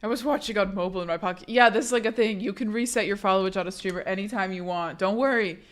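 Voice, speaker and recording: A woman's voice: mid-range voice, fast. A woman streamer talking casually with her chat, rambling and joking, with frequent swearing. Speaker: live streamer.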